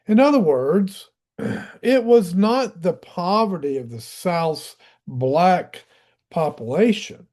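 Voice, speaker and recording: A man's voice: high voice, dark tone. A man from Tennessee with a Southern US accent, reading a history book aloud and adding casual asides of his own. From Tennessee, USA. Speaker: audiobook reader.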